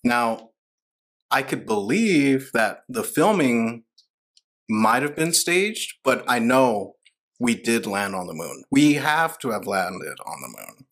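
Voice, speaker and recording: A man's voice: mid-range voice, sing-song, slow, fairly bright tone. A man in casual podcast chat, swearing often and getting riled up.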